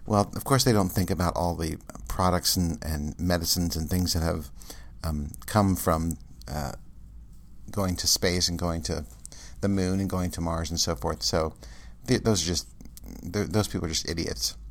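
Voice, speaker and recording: A man's voice: sits low, fairly even intonation, moderate pace. A man rambling casually in a monologue, with many fillers and restarts, and ranting in exasperation.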